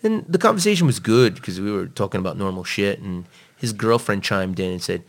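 A man being interviewed, telling a personal story in a blunt, profane, animated way. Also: deep voice, fast talker, hardly any pauses.

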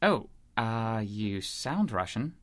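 An actor playing a pompous, fussy English gentleman explorer with an English accent. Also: on the low side, sing-song, slow, exaggerated voice. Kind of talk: audio drama acting.

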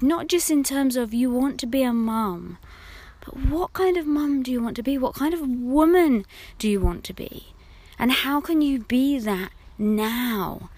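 A woman hosting a reflective monologue, speaking intimately and deliberately, often sinking to a soft whisper. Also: medium pitch. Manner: slow, deliberate phrasing with pauses. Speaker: podcast host.

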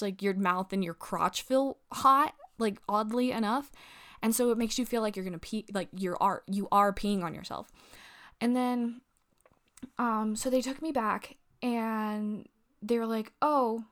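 Profane, animated young woman. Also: fairly high pitch. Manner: profane, animated retelling with acted quotes. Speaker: storyteller. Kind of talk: casual storytime chat.

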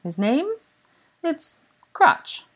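A woman's voice: sits high, very animated, drawn-out words, fairly bright tone, pitched above the performer's own voice, full character voice. A woman playing a haughty, evasive witch.

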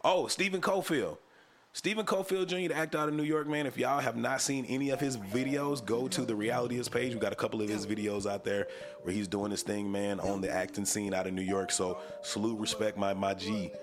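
A man's voice: on the low side, fairly even intonation, brisk. A young man hosting a podcast, chatting casually with loose profane storytelling. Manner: profane, laid-back storytelling. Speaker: podcast host.

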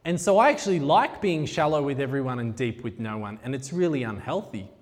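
A man's voice: mid-range voice, expressive, a little fast. A man preaching a sermon in a conversational, jokey way that turns heartfelt and intense. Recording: long reverb of a large hall.

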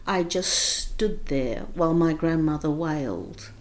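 Woman, slightly low voice, emotional first-person storytelling, hushed to intense. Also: unhurried. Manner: vivid, emotional retelling with shifts between hushed and raised intensity. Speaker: guest recounting her childhood.

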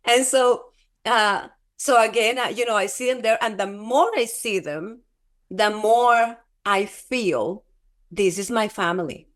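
Hesitant woman telling a personal testimony. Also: a little high. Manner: halting, many filler words and restarts; earnest, often breaks into laughter. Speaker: guest. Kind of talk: personal testimony in a casual interview.

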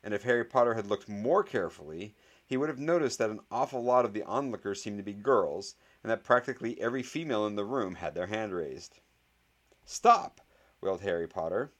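A man reading a story aloud as narrator, measured and dramatic. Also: fairly low pitch, expressive. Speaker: audiobook narrator.

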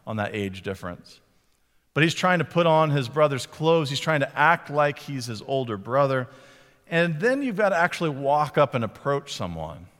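A man preaching with an easy, conversational manner, often pausing to reflect and slipping in fillers. His voice sits at an ordinary middle pitch. It rings out with a long reverb, as in a large church hall. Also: a bit bright. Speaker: pastor. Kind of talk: sermon.

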